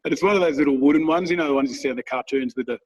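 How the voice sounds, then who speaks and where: A man's voice: mid-range voice, rapid-fire, recorded from a distance, muffled recording, a crowd in the background. A man in his thirties, co-hosting a podcast, who rambles through casual stories and swears freely. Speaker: podcast co-host. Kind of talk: casual chat.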